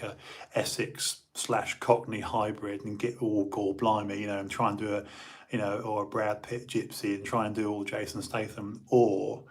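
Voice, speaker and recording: An English man hosting a livestream, chatting casually and rambling with lots of fillers and restarts. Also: on the low side. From England. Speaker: livestream host. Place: home.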